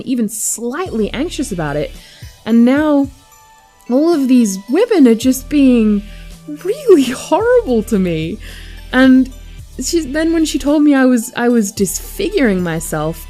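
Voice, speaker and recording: Chatty young woman, mellow voice. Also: fairly high pitch. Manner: candid and chatty, many fillers like "like". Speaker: vlogger. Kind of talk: personal storytelling to camera.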